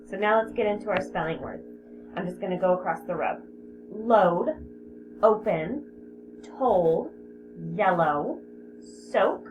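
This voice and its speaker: A woman teaching a spelling lesson to young children, patient, sounding out words and repeating them. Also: mid-range voice. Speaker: elementary school teacher. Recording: tinny phone-like audio with steady background hiss.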